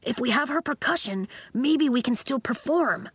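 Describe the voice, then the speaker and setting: A woman's voice: sits high, animated, normal speed, fairly bright tone, slightly rough, dry recording, pitched above the performer's own voice, exaggerated voice. A woman voicing an earnest young boy who keeps offering to help, speaking in an eager, reassuring way. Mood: desperate. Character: earnest helpful schoolboy, eager to fix things.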